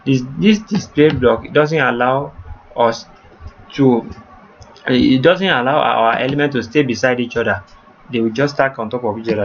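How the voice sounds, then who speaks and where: A man teaching a coding lesson, walking through each step and repeating points so viewers can follow. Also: medium pitch. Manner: repetitive step-by-step explaining, addresses viewers as you guys. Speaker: coding tutor. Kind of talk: screen-recorded coding tutorial. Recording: slightly muffled, faint background noise.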